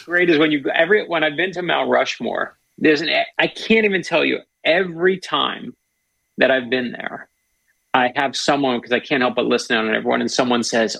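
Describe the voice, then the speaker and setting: A man's voice: medium pitch, normal speed, creaky, a bit bright, dry recording, rough recording. A man talking about history as an author guest in a casual interview, eager and storytelling, often restarting his sentences.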